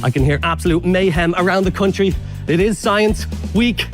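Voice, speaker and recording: An Irish man presenting science to children, leading an energetic, playful warm-up with jokes and instructions. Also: high voice, moderate pace, over music. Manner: upbeat, playful, joking instructions.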